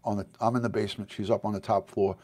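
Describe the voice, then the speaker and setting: A man's voice: lowish voice, flat delivery, fast, darkish tone, husky. A middle-aged American man chatting casually on a livestream from his home basement, answering viewer comments as he goes. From United States. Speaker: livestream host. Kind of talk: casual live-stream chat.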